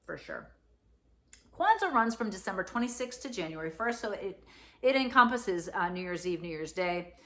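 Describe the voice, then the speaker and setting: A woman's voice: mid-range voice, fairly bright tone. A woman astrologer giving a casual spoken forecast, chatty, with many fillers and "right?" asides.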